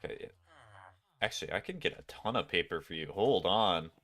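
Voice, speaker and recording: A man's voice: low-pitched, lively intonation, brisk, a bit bright. A man streamer chatting casually while playing a game, rambling and talking to his viewers. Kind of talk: casual gameplay chat.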